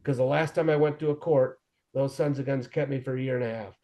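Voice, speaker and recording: A middle-aged man with a mid-range, dark-toned voice speaks fast and steadily. As an interview guest, he frankly recounts his own recovery story, poking fun at himself along the way in candid personal storytelling.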